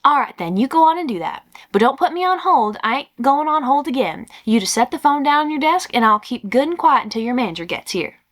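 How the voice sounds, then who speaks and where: A woman's voice: high voice, animated, brisk, few pauses, a bit bright, pitched above the performer's own voice. A woman voicing a laid-back Southern man, a fed-up phone customer who talks in a folksy, drawling, weary but polite way. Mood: firm.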